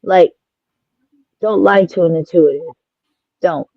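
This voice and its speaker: A co-host chatting casually on a livestream and backing up the guest with slow, agreeing remarks. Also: mid-range voice, no echo, highs cut off.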